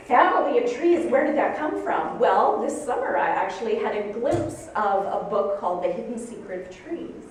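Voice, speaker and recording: A woman's voice: fairly high pitch, moderate pace, hardly any pauses, recorded from a distance, a little hiss or hum. Woman speaker in an echoey hall. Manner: animated storytelling, acting out her own shocked outbursts. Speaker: speaker giving a Sunday talk. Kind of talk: spiritual talk to a congregation. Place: church hall with audience.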